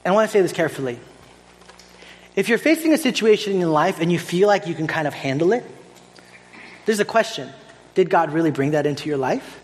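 Animated high-voiced man preaching in a hall. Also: a little fast, pauses often. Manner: conversational, animated, tags lines with "right?". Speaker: pastor. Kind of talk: sermon.

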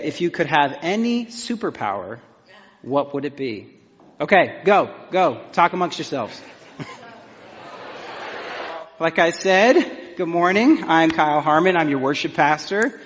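A man's voice: on the high side, measured pace, a little hiss or hum. Joking man preaching in echoing church. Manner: animated, joking, audience banter. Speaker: worship pastor. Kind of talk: humorous sermon storytelling. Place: church sanctuary. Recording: muffled church hall reverb.

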